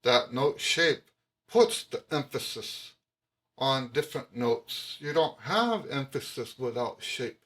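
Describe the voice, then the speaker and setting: A man's voice: mid-range voice, lively intonation, takes it slowly, fairly bright tone. A man teaching jazz trumpet to camera, emphatic, repeating his key points with frequent restarts. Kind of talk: explaining music to camera.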